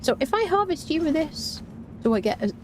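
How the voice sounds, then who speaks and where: A woman's voice: sits high, sing-song, a little fast, slight background noise. A woman streaming a game, giving chatty live commentary, talking to her chat and humming to herself as she plays.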